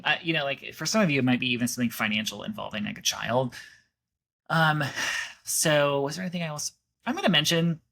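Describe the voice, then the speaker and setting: A man's voice: mid-range voice, bright, forceful tone. A man giving a casual astrology forecast, chatty and rambling, with many fillers and restarts.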